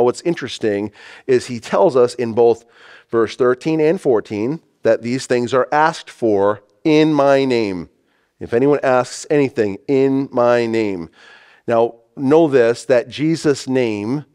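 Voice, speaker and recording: A man's voice: mid-range voice, a little mellow. A man preaching a sermon as pastor, reading scripture aloud and stressing key phrases emphatically.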